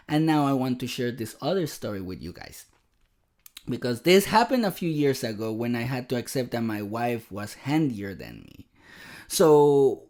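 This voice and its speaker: A man hosting a podcast, telling a personal story in an animated, self-deprecating way. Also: medium pitch. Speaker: podcast host. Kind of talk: casual storytelling monologue.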